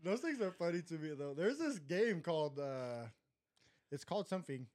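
A man's voice: fairly high pitch, sing-song, moderate pace, darkish tone. A man telling a rambling story in a casual podcast chat. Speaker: podcast co-host.

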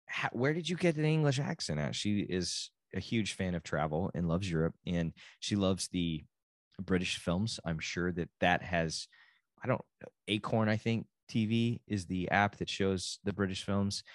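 A man's voice: low-pitched, fairly even intonation, a little slow, dry recording. A middle-aged man from Texas with a Texan accent, talking casually and rambling with self-interruptions on his own podcast. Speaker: podcast host and dad. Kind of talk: casual solo podcast talk.

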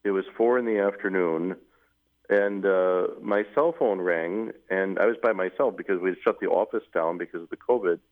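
A middle-aged man, a newly appointed Catholic bishop, telling his story at length in a measured way, with fillers. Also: low-pitched. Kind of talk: interview storytelling. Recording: tinny phone-like radio audio.

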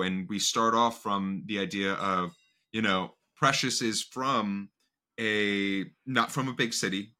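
A man hosting a casual podcast discussion, talking in quick, animated bursts full of fillers. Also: on the low side.

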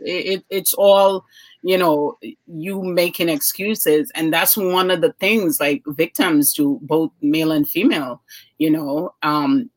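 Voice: mid-range voice, unhurried. An interviewer who affirms the guest and adds short comments. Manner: affirming, listens with short backchannels. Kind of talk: interview conversation.

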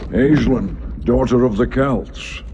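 An actor voicing an ancient, solemn male dragon, speaking slowly and grandly in a film clip. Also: mid-range voice, mellow, highs cut off, slight background noise, close to an everyday voice. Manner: slow grand theatrical delivery.

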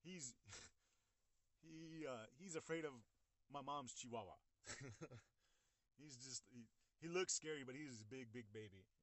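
Young man, casual storytime talk, halting repeated words, acts out quotes, mid-pitched, dry close sound. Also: a bit bright, no echo.

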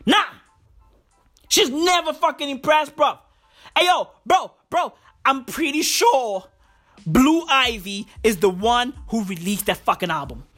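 A woman ranting in a loud, hyped, comedic vlog, swearing often and repeating herself. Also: sits high, lively intonation, unhurried. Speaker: vlogger. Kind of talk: casual comedic rant.

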